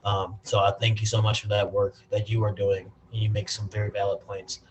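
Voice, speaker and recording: A man's voice: lowish voice, level tone, moderate pace, a little hiss or hum, low-quality recording. A man, a party community organizer, speaking emphatically on a video call from his laptop. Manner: emphatic, preachy, many fillers.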